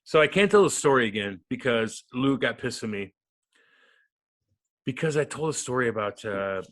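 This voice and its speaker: A man in his thirties, a podcast guest, telling stories in a lively, profane way and acting out quotes. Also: medium pitch, normal speed. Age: 30s. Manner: animated, profane, acts out quotes. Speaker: podcast guest, former hockey player. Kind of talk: casual storytelling interview.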